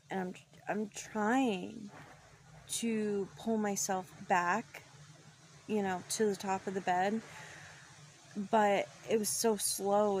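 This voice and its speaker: A woman's voice: mid-range voice, a little mellow, slight background noise. A woman casually telling a true paranormal story from her childhood, chatty and dropping into whispers for suspense. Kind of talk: casual first-person storytelling.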